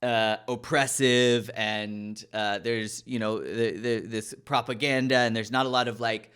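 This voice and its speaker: A man's voice: mid-range voice, steady tone, a bit bright, clean tone. An American man hosting a podcast, chatting casually and joking. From United States. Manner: joking, quick, self-deprecating. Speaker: podcast host.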